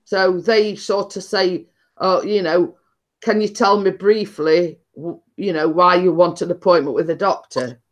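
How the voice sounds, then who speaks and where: A woman's voice: on the low side, steady tone, unhurried. A woman hosting a casual chat, rambling and repeating her words as she tells a story. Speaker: host.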